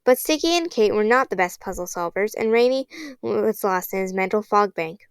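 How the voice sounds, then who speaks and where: A woman reads a children's novel aloud in a steady, expressive storybook narration. Her voice is mid-pitched, smooth and clear. The recording is close and dry, with no room sound. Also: normal speed, no echo. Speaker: audiobook reader.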